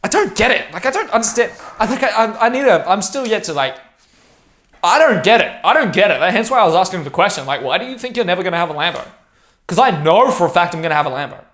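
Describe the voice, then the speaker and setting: Young man, slightly high voice, profane, intense, rambling monologue. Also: big pitch swings, quick pace, a bit bright. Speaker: vlogger. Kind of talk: casual monologue to camera.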